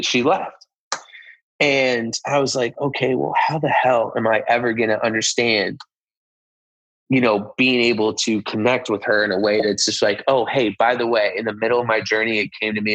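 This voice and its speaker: A man's voice: medium pitch, fairly bright tone, no echo, rough recording. Earnest man telling a story. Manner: earnest, reenacts conversations with "I was like". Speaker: guest telling a personal story. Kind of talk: casual storytelling.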